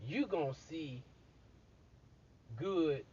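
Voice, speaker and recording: A man casually retelling a story in a blunt, crude, animated way, full of profanity. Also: a little high, very slow, a little hiss or hum. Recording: dull lo-fi recording.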